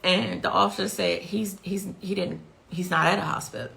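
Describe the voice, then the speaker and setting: A woman's voice: on the low side, fairly even intonation, moderate pace, vocal fry, fairly bright tone. A grieving mother recounting a night of violence in an emotional interview, her telling growing frantic as she relives it. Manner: recounts events with rising, frantic intensity.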